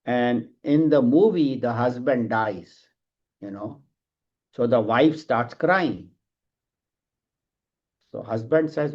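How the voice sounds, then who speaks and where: A middle-aged man teaches a scripture class in a calm, explanatory way, with the odd light joke. His voice is of middling pitch. The recording is dull and lo-fi. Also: slow, pauses often. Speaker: spiritual teacher. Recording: dull lo-fi sound.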